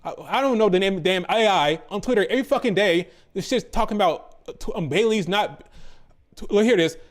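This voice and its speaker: A man's voice: high-pitched, quick pace. A man hosting a wrestling commentary channel, ranting in an exasperated, profane, repetitive way.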